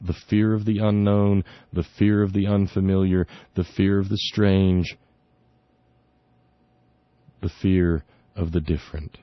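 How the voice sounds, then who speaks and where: A man's voice: low-pitched, little pitch movement, unhurried, long pauses, no room sound. A man hosting a talk radio show, delivering opinionated political commentary in an indignant, sarcastic manner with frequent stumbles and restarts. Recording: dull lo-fi dry recording.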